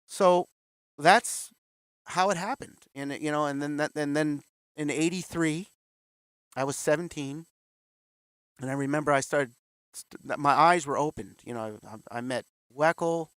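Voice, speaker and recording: A man's voice: a little high, measured pace, long pauses, fairly bright tone, clear, resonant tone, no room sound. A man in his fifties, a guest in an interview, telling his story candidly and acting out the voices of the people he quotes. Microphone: video call.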